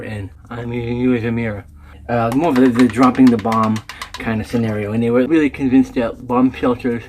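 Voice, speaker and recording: A man's voice: medium pitch, a little mellow, slight background noise. Chatty man rambling about movies at home. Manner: rambling, self-deprecating, chatty. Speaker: vlogger. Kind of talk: casual chat about movies.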